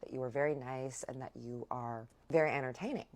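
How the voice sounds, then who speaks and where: Woman doing a rich older man, pushy, coaxing, low voice. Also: steady tone, brisk, a little mellow. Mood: insistent. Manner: coaxing, insistent.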